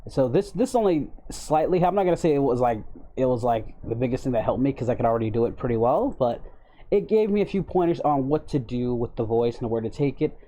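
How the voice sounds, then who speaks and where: A man's voice: medium pitch, animated, a little fast, warm tone. A man chatting casually on a livestream in his own voice, laid-back and rambling as he greets his chat by name. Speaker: livestreamer and voice impressionist.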